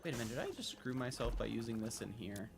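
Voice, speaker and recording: A young man streaming a video game live, thinking out loud, getting excited and swearing freely as he plays. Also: mid-range voice, fast talker, vocal fry, noisy background. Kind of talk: live gameplay commentary. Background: game music.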